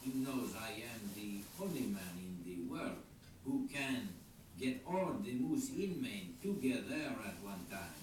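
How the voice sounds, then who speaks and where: A man's voice: medium pitch, lively intonation, a little slow, lightly acted. Field: a man doing a bragging French-Canadian moose caller. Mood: boastful. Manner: bragging storyteller with broken English. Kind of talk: vintage comedy record. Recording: echoey old record, hiss, distant.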